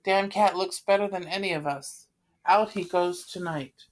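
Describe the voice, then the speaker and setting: Quarrelsome middle-aged man, gruff and snapping, read by a woman. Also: lowish voice, moderate pace, natural voice. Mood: irritated. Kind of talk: read-aloud play.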